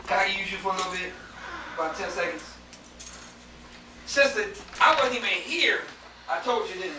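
A man preaching a sermon to a congregation that answers him, rising at times to shouts. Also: high-pitched, animated, normal speed. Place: church. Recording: echoey church, distant mic, faint hiss.

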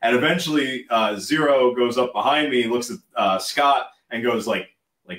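A man's voice: mid-range voice, moderate pace, a bit bright, echoey room, distant mic. A man, a guest from a band, recounting a story in a casual, rambling way and laughing as he goes.

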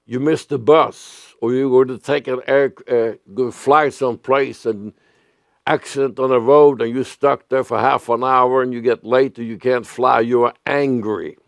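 A man preaching a sermon as a pastor, speaking earnestly and deliberately with repeated phrases and sudden loud outbursts. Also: mid-range voice, fairly even intonation, gravelly, no echo, studio quality.

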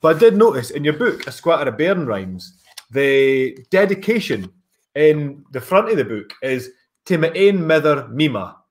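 A man's voice: a little high, sing-song, moderate pace. Man, host, friendly and chatty, slightly raised voice. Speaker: workshop host. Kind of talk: hosting an online event.

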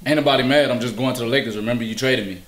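A man's voice: mid-range voice, very fast, a bit bright, pitched below the performer's own voice, lightly acted. A man voicing a sulky male basketball player who mutters his grumbling replies in a comedy sketch. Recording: echoey room.

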